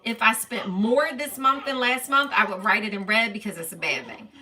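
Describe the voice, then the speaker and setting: A woman's voice: a little high, moderate pace, bright, forceful tone. A woman hosting a livestream, reading out her monthly spending figures and explaining them step by step to viewers. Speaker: budgeting livestream host. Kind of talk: casual budget walkthrough livestream.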